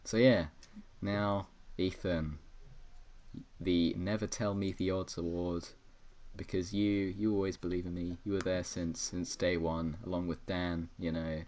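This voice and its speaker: A young podcast host presents playful awards during a casual online call, rambling and frequently correcting himself. He speaks a little slowly in a low, darkish voice with little pitch movement.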